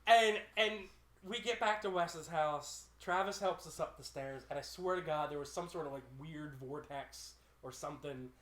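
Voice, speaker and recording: A man's voice: fairly high pitch, moderate pace, fairly bright tone. A man on a podcast telling a funny story, acting out his friends' lines as he goes. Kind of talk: casual group chat. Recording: roomy room echo.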